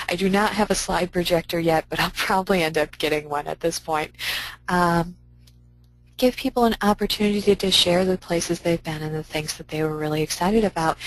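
A woman's voice: on the low side, poor audio. A woman library director giving an upbeat, conversational conference presentation full of practical advice.

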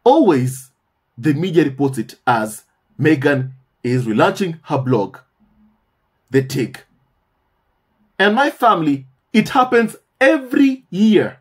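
A man's voice: fairly high pitch, big pitch swings, slow, long pauses, slightly rough. A man hosting a commentary channel, talking in a casual monologue, emphatic and repeating phrases for stress, often calling his viewers "my family".

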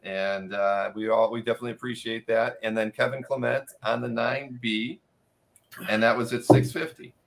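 A man's voice: mid-range voice, fairly even intonation, normal speed, gravelly, a little hiss or hum. A man hosting a live art sales show, calling out the pieces and keeping track of the claims and prices. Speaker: show host.

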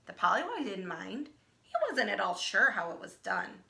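A woman teacher reading a children's picture book aloud, animated and asking her listeners questions. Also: medium pitch, moderate pace, creaky. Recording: echoey room.

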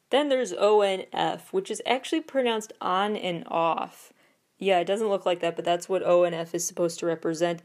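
Woman host, low-pitched, chatty and opinionated, casual commentary read. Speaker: podcast host.

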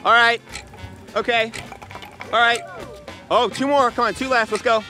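A man's voice: extremely high pitch, steady tone, a little slow, pushed and bright, soft background music. A man hosting a street game show outdoors on a boardwalk, talking in a playful, sassy, teasing way with lots of banter.

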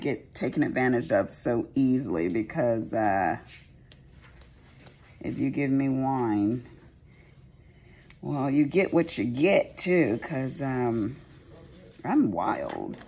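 A woman with a very low, gravelly and husky voice chats while she crafts. She rambles and pokes fun at herself in a slow, unhurried way, and her pitch rises and falls a lot. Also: a little mellow, slight background noise. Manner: rambling, chatty, self-mocking. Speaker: craft vlogger. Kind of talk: casual chat while crafting.

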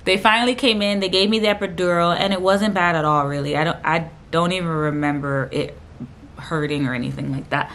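A woman's voice: lowish voice, steady tone, a bit bright. A young woman vlogger telling a personal story to camera in a casual, rambling way with lots of fillers. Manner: fast, rambling, lots of fillers and quoted dialogue.

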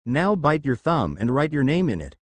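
A man voicing an ancient, bossy male kaiju king in a fan story reading, with a teasing manner and lively pitch. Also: normal speed, dry recording.

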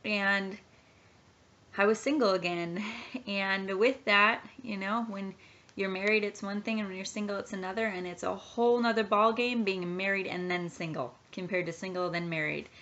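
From her home nursery, a woman in her thirties gives a heartfelt, earnest Christian testimony for her vlog. She speaks at normal speed in a medium-pitched, fairly bright voice, captured on a dull lo-fi recording.

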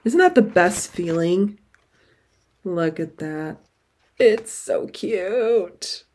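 A middle-aged woman chatting casually to camera about her stitching, excitable and gushing, with sudden high exclamations. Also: very slow. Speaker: cross-stitch vlogger.

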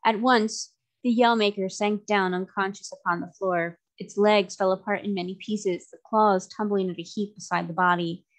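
A woman narrating a classic children's novel aloud, in a steady storytelling manner. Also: mid-range voice, moderate pace.

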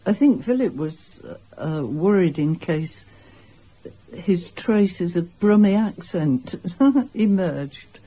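A woman's voice: lowish voice, expressive, slow, dark tone, husky, low-quality recording. A woman with a Northern English accent reminiscing in an interview, hesitant with fillers. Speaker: interviewee recalling a friend. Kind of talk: casual reminiscing.

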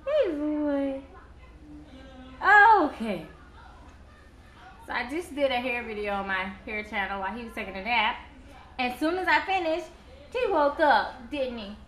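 Young woman, high voice with big swoops, baby-talking to her son in a roomy home recording. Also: unhurried, pauses often. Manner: cooing baby talk to her infant son, chatty asides to viewers. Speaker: vlogger and new mother. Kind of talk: casual home vlog. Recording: roomy echo, faint background noise.

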